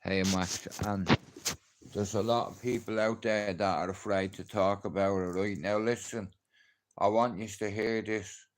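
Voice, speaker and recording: A man's voice: on the low side, measured pace. A middle-aged man with a Dublin accent telling a street story on a casual livestream, acting out the people in it. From Ireland. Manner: animated, acts out the people in his story. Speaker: livestream host.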